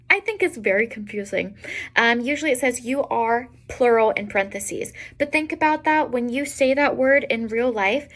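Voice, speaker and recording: A young woman teaching an Italian lesson, explaining patiently and repeating each example word clearly. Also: a little high, a bit bright. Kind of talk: online language lesson.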